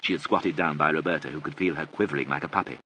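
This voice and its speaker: A man narrating an audiobook with expressive, measured storytelling. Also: very deep voice, slight background noise, low-quality recording. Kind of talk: scripted narration.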